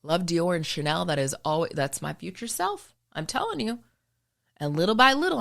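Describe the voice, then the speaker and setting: A woman hosting her own show, speaking in a polished broadcaster voice with crisp enunciation, emphatic and full of rhetorical questions. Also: lowish voice, sing-song, measured pace, pauses often, a bit bright. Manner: emphatic, asks rhetorical questions and answers them. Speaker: podcast host and former news broadcaster. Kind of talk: motivational monologue.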